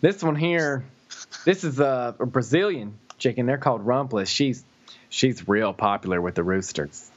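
A man voicing a creepy, sly male chicken farmer with a slow Southern drawl. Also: mid-range voice, animated, lo-fi sound, pitched below the performer's own voice, close to an everyday voice.

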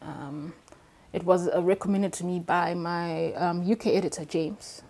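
A woman novelist talking through a book in an interview, thoughtful with frequent fillers and lively bursts. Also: fairly low pitch, measured pace, vocal fry. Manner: thoughtful, animated when excited, frequent fillers. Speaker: novelist guest. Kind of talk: conversational interview with a read-aloud passage.

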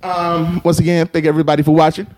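A man's voice: fairly high pitch, flat delivery, quick pace, darkish tone. A man co-hosting a podcast, arguing heatedly, swearing and talking over others. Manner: argumentative, profane, talks over others. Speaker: podcast co-host. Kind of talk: heated casual debate.

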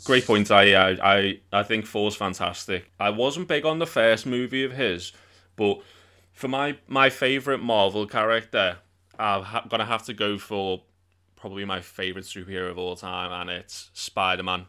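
A man's voice: fairly low pitch, fairly even intonation, normal speed, bright, forceful tone, smooth. A young man co-hosting a casual podcast chat, upbeat and leading the questions. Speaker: podcast co-host.

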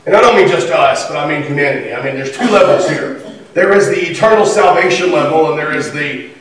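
A man with a high voice preaches a conversational sermon and slips into the voices he quotes. He sounds distant, caught by a mic well away from him. A strong echo fills the room. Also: brisk, a bit bright. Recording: echoey room from far off.

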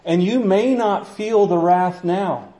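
A man's voice: sits high, slow, warm tone. A man preaching a sermon in a church, impassioned and dramatic, acting out the voices he quotes. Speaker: pastor.

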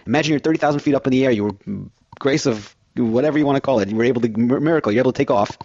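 A man's voice: medium pitch, racing, a little mellow, dry recording, dull audio. A man filling in as host of a financial radio show, rambling through everyday analogies.

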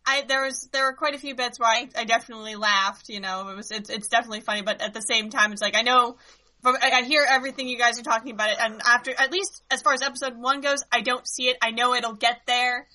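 A woman with a bright, somewhat high voice talks candidly on a podcast. She is hesitant and restarts her sentences often while she gathers her thoughts. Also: steady tone, quick pace. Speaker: podcast co-host. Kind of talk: casual chat.

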